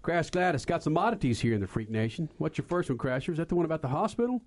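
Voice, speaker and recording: A man's voice: fairly high pitch, animated, rapid-fire, darkish tone. A man hosting a motorsports radio talk show, brash and joking, stuffed up with a head cold.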